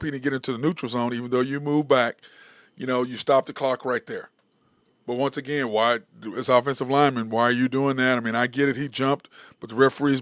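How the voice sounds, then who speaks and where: A man's voice: medium pitch, fairly bright tone, no room sound. Frustrated man ranting about sports. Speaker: sports talk show host. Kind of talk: solo sports talk commentary.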